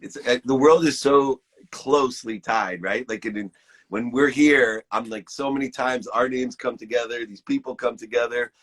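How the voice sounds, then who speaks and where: A man's voice: medium pitch, normal speed, fairly bright tone, breathy edge. A man in his fifties giving an enthusiastic, preachy pep talk to viewers on a live stream, hosting it from his phone. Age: 50s.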